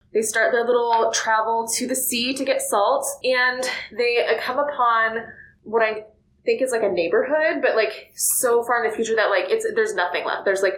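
Chatty woman, gushing, filler-heavy, mid pitch, roomy recording. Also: fairly bright tone. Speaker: book reviewer. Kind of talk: casual book chat. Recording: roomy echo.

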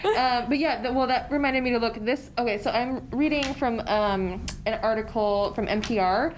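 A woman's voice: on the high side, moderate pace, low-quality recording. Woman co-host, casual and giggly, heavy on fillers, faint noise floor. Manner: chatty, giggly, lots of fillers. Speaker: podcast co-host. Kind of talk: casual book chat.

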